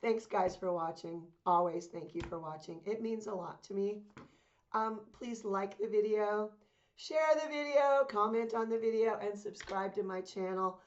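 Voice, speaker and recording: A woman spiritual coach talking casually to her viewers, earnest and encouraging, slowing down to stress her points. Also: mid-range voice, lo-fi sound. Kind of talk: casual talk to camera.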